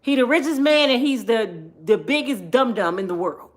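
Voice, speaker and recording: A woman with a high voice that swoops up and down constantly, telling a comedic story on her vlog. Her talk is slangy and full of jokes and laughs. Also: normal speed. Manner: animated, slangy, laughing, joking. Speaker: vlogger.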